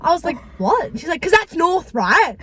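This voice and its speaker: A young woman with a very high voice chats casually as co-host. Her pitch swings widely as she teases her friend and swears freely. Her delivery is loose and animated. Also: brisk. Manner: animated, teasing, swears freely, laughs often. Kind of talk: casual chat.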